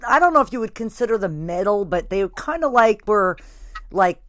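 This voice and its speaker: A woman's voice: medium pitch, sing-song, normal speed, a bit bright, dry recording. A woman hosting a casual band interview, rambling along with lots of fillers like "like" and "you know.". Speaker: podcast host interviewing a band.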